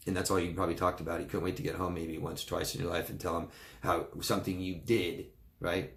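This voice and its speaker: A man with a fairly low voice answers viewers' questions as a life coach. He speaks informally and earnestly, checking in with the listener and often stopping to repeat or restart his words. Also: flat delivery, fast, vocal fry, a bit bright. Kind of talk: live Q&A advice talk.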